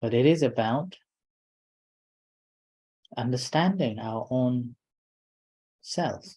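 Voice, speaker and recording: A male meditation teacher gives a calm dharma talk in a soft, mellow, mid-range voice that is slightly rough. He speaks slowly in short phrases separated by pauses, and the audio quality is poor.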